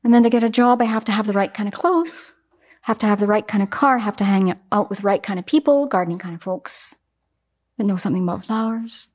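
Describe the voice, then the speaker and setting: Woman Buddhist teacher, mid-range voice, lively storytelling dharma talk. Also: medium pitch, quick pace. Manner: animated, acts out everyday examples.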